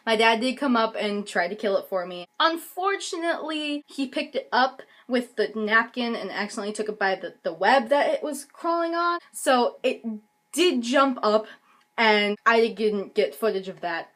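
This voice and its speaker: A woman's voice: on the high side, animated, moderate pace, fairly bright tone. A teenage girl chatting casually in her own vlog, giggly and dramatic, filmed on a handheld phone. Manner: giggly, dramatic, talks in bursts. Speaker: vlogger.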